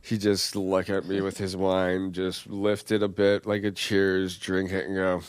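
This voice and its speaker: A man's voice: low voice, completely flat delivery, a little slow, clean tone, no room sound. A young man co-hosting a podcast, telling loose family stories with casual swearing and acting out his relatives. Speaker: podcast co-host. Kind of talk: casual chat.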